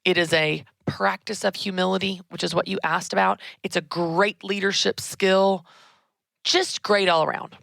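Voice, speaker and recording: A woman, hosting a show and giving emphatic, animated career advice. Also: medium pitch, moderate pace, vocal fry, no room sound. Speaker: podcast host. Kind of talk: conversational advice.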